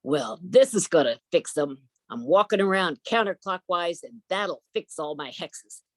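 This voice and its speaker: A scheming old storybook witch, as a woman puts her on, gloating in a low, dry voice close to the teller's own. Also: lively intonation, a little slow, no room sound.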